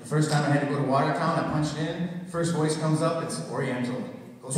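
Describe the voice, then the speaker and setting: A man's voice: fairly high pitch, steady tone, fast, hardly any pauses, a crowd in the background. A man in his thirties doing a crude, rambling stand-up comedy set on a theater stage. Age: 30s. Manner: crude, rambling storytelling with many put-on voices. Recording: echoey hall, from far off.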